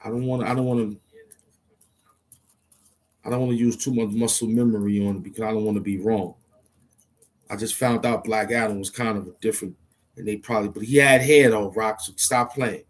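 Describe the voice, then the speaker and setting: A man's voice: lowish voice, fairly even intonation, fairly quick, pauses often, darkish tone. A man rambling to himself as he thinks aloud, often hesitating, repeating himself and restarting.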